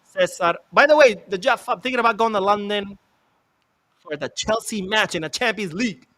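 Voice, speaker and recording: A man's voice: high-pitched, moderate pace, fairly bright tone. A man hosting a live football watch-along, reacting to the match, reading chat messages aloud and swearing when his team misses chances.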